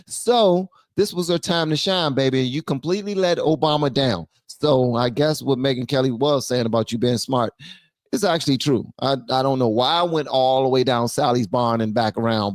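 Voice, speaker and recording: A man's voice: medium pitch, normal speed, no room sound, studio quality. Slangy, joking male commentator. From Washington, D.C. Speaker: commentary channel host. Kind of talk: casual political commentary.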